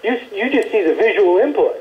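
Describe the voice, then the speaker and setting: A caller argues a point on a radio show, stumbling and repeating words as they go. The line sounds dull and lo-fi. The pitch sits in an ordinary middle range. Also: lively intonation, fairly quick. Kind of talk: call-in debate.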